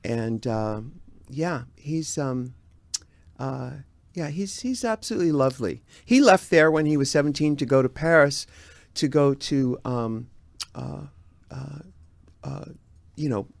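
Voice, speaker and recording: Chatty man, halting with fillers, dry sound. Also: medium pitch, creaky, dry recording. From San Diego, USA. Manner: halting, many fillers and restarts. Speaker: guest. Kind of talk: casual interview chat.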